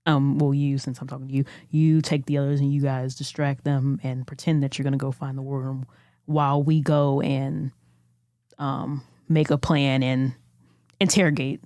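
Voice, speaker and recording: Low-voiced halting woman role-playing. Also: flat delivery, mellow, no room sound. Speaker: player. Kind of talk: in-character tabletop role-play.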